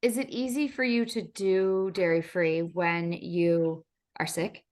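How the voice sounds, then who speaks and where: A woman's voice: fairly low pitch, fairly even intonation, takes it slowly, a little mellow. Playful, reassuring woman co-host. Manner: reassuring, playful, asks questions. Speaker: podcast co-host. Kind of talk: casual chat.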